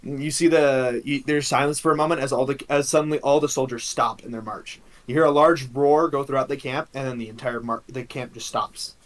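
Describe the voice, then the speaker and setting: A man's voice: medium pitch, steady tone, fairly quick, hardly any pauses, poor audio. A man running a tabletop game as dungeon master, narrating in a rambling way with frequent restarts. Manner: rambling, many fillers and restarts.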